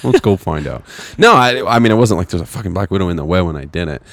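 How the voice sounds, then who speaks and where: A man's voice: low voice, animated, fast, no echo. A man co-hosting a podcast in casual chat, laid-back, swearing freely and laughing often. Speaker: podcast co-host.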